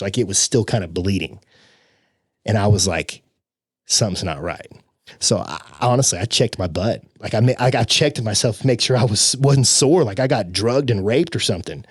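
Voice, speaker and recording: Low-voiced man telling a dramatic story. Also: dry recording, clean studio sound. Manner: animated, acts out quoted voices. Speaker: podcast guest. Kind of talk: casual storytelling.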